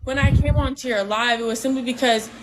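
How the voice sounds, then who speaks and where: A woman hosting a livestream, talking casually in a rambling, halting way with lots of fillers. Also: a little high, a little hiss or hum, low-quality recording. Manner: says she talks with her hands, animated. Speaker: livestream host.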